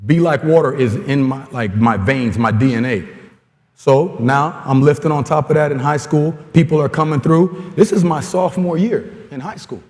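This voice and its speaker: A man's voice: a little high, moderate pace. Man telling stories in a reverberant hall. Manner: lively storyteller who acts out quoted dialogue. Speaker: speaker at a coaching conference. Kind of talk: animated storytelling talk.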